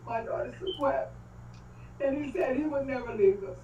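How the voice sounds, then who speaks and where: Older woman, halting and devout. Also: high-pitched, warm tone. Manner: halting, faith-filled, breaks off mid-phrase. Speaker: grieving great-grandmother speaking at a livestream. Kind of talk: emotional testimony on a video call. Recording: echoey, distant, dull call audio with faint noise.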